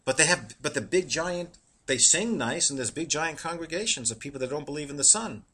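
A middle-aged man preaching a sermon, animated and laughing at his own jokes, slowing down to read verses. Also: fairly high pitch, a little hiss or hum.

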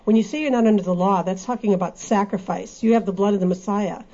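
A woman's voice: mid-range voice, quick pace, mellow. Earnest woman explaining scripture. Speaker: co-host in a Bible discussion. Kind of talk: casual religious discussion. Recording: dull lo-fi recording.

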